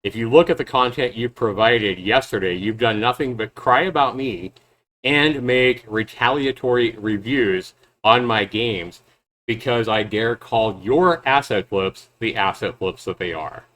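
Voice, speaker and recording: A man's voice: medium pitch, a little slow, a bit bright. A man who reviews and makes games, talking back at a rival's clips in a sarcastic, mocking way. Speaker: YouTube game reviewer and developer. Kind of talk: reaction commentary.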